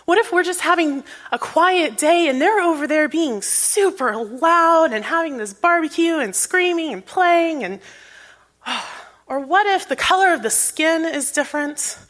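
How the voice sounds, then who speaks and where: A woman's voice: very high-pitched, expressive, unhurried, fairly bright tone. A woman minister giving a sermon in a church, with an earnest manner, rhetorical questions and a repeating cadence. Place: church sanctuary.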